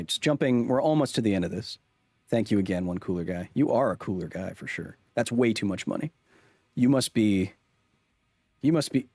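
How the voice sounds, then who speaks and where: A man's voice: on the low side, gravelly, a little mellow, dry recording. A man hosting a live-streamed podcast, talking wryly to his chat and reading testimony aloud with many restarts. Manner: wry, talks straight to chat, frequent restarts. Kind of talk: casual livestream chat and read-aloud of testimony.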